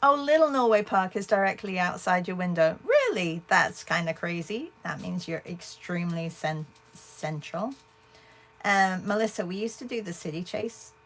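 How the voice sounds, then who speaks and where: A woman's voice: fairly low pitch, expressive, normal speed, fairly bright tone, faint music behind. A woman hosting an art livestream, chatting casually and answering viewers as she paints. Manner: chatty, thinks aloud and answers viewers' comments.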